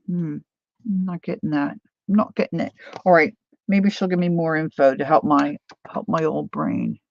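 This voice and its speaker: A woman's voice: low-pitched, normal speed, vocal fry, no echo, highs cut off. A woman hosting a live crafting stream, chatting casually and thinking aloud while she works, with playful sound-words. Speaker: crafting livestream host.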